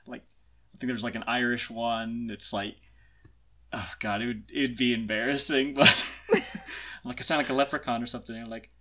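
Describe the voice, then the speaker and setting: A man's voice: mid-range voice, steady tone, normal speed, pushed and bright. A man with a Southern US accent, chatting as a guest in a casual interview, self-deprecating and laughing often.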